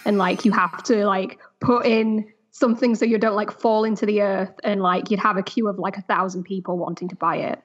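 A woman's voice: mid-range voice, steady tone, a little fast, few pauses. A woman on a podcast panel, chatting casually and filling her talk with "like". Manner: chatty, heavy use of "like". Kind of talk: casual comedic chat. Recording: dull lo-fi mic.

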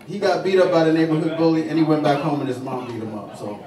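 This saloon stand-up talks fast in a slightly high voice with fairly even intonation, his rambling tales full of restarts and fillers. The bar recording is distant and echoey, with the audience laughing around him.

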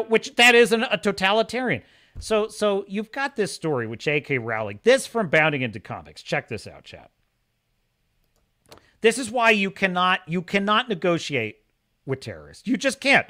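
A man's voice: high-pitched, very animated, moderate pace, sharp tone. A man hosting a livestream, giving opinionated, emphatic commentary and often repeating himself for stress. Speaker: host of a streaming show.

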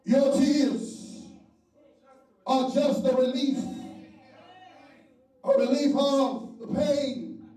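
A man's voice: extremely high pitch, steady tone, drawn-out words, long pauses, warm tone. A man preaching a sermon, whooping in a half-sung call-and-response style. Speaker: pastor. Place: large church sanctuary. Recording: echoey church hall from far off.

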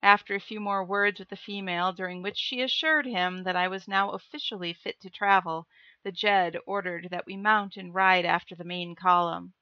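A woman's voice: medium pitch, fairly even intonation, normal speed, dry recording, dull audio. A woman reading a novel aloud on a livestream, breaking off for jokey chats with her viewers. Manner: jokey, chatty asides to chat. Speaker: livestream book reader.

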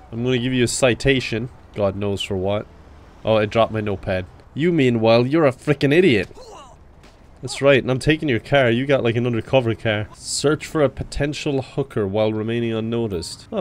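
A young man giving comedic gameplay commentary, swinging from dry asides to sudden high-pitched yelps. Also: slight background noise. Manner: excitable, jumps into high yelps. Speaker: gaming YouTuber.

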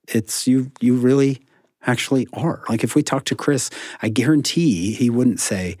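A man's voice: medium pitch, normal speed, breathy edge, no echo, studio quality. A middle-aged man, an author and professor guest, chatting animatedly and acting out quoted thoughts. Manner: animated, acts out quoted thoughts in shifting voices. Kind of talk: casual chat.

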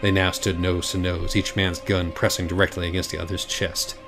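A man's voice: low voice, flat delivery, moderate pace, music in the background. A man giving a wry, theatrical comic reading of a parody storybook.

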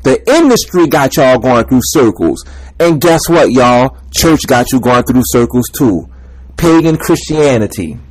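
A man's voice: medium pitch, sing-song, a little slow, rough recording. A man preaching an emphatic, repetitive rant to his viewers in street slang.

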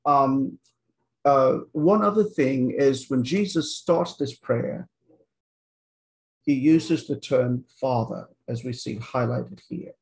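A man with a gravelly, mid-range voice speaks slowly as he gives an informal Bible lecture. As a Bible teacher, he retells scripture in casual paraphrase, with many fillers and frequent "okay?" check-ins.

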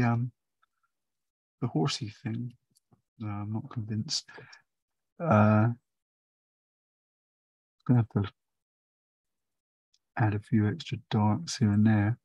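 Brief: male art tutor, older, chatty painting demo, husky, dry close sound. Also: lowish voice, dark tone, no echo, poor audio. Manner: rambling, chatty, thinks aloud while painting. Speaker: watercolour tutor. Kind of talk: casual painting demonstration.

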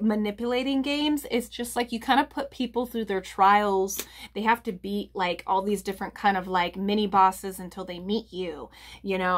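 A woman doing a casual pick-a-card tarot reading. She rambles through her impressions, full of "like" and "you know," restarting her sentences as she goes. Her voice sits at an ordinary middle pitch. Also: fairly bright tone. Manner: rambling, lots of fillers and restarts. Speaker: tarot reader.

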